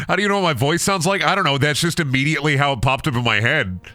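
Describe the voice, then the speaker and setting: A man's voice: a little high, pushed and bright, no room sound. A man chatting casually on a gaming stream, rambling and joking at his own expense. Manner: self-deprecating, rambling, jokey.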